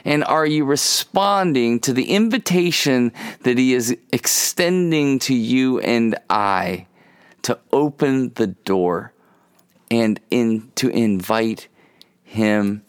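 A man preaching with earnest, animated delivery, stretching out words for weight. His voice sits at an ordinary middle pitch. The recording is dry and close, with no room sound. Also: smooth, dry recording. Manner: earnest, animated, slows down to emphasize. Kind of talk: sermon-style teaching talk.

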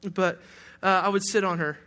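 A man's voice: high voice, steady tone, normal speed, pushed and bright. A young man from Detroit preaching a sermon to a congregation, conversational and humorous, with playful asides. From Detroit, USA. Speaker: pastor.

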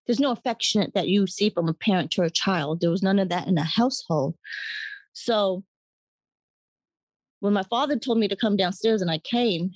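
A woman guest telling her personal story in a halting, reflective way. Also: medium pitch, dry recording. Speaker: interview guest. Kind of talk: personal testimony.

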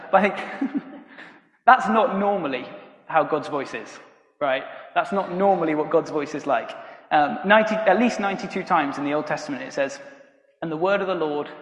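A man preaching a sermon in a loose, conversational way, with frequent ums and restarts. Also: a little high. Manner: conversational and halting, many ums and restarts, laughs at own stories. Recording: roomy hall reverb.

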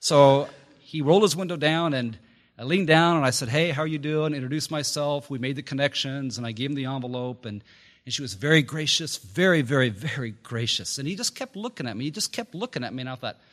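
A man preaching a sermon in a meeting house, his voice ringing with a long hall reverb. He tells a story in an easy, conversational way, climbing to loud bursts and sinking to soft, low phrase endings. His pitch sits in a middle range for a man. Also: fairly quick. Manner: storytelling, rising to loud peaks then dropping low. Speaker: pastor.

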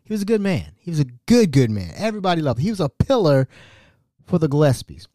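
A man's voice: on the high side, big pitch swings, fast talker, dark tone, no echo, studio quality. A young man hosting a podcast, casually telling family stories with laughs and imitations of relatives. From Ohio. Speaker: podcast host. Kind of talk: casual storytelling monologue.

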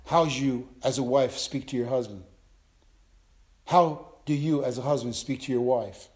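An older man preaching an impassioned sermon as a pastor, dropping to low asides and rising to loud, high calls. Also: unhurried.

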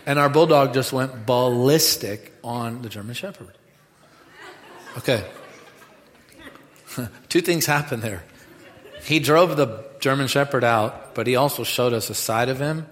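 A man preaching a sermon in a lively, animated way, dropping to quiet asides and rising to loud bursts. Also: mid-range voice, measured pace, pauses often, slight background noise. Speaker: pastor. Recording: reverberant hall.

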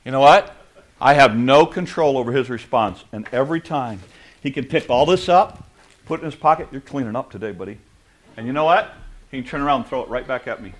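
A man preaching a sermon, playful and animated, acting out little scenes with the audience. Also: mid-range voice, fairly quick. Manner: animated, playful, acts out quotes. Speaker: pastor.

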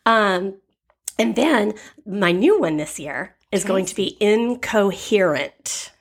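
A woman co-hosting a podcast, chatting casually in a bubbly, excitable way. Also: mid-range voice, slow pace, breathy edge. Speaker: podcast co-host. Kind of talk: casual chat.

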